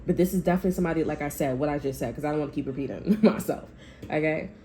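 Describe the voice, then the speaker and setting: A female tarot reader talks very fast in a low, warm voice, with some slight background noise. Her casual reading is blunt and meandering, full of swearing and frequent repetition.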